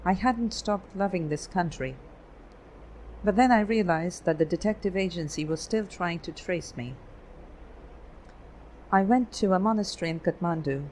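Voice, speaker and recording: A woman voicing a calm, guarded photographer raised in Germany, telling his past in a measured way. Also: on the low side, a little hiss or hum, lightly acted, rough recording. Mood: earnest. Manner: measured, explanatory storytelling.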